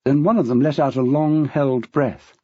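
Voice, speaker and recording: A man narrating an audiobook in a measured, expressive reading style. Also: mid-range voice, breathy edge, dry recording. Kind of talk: scripted narration. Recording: dull, dry.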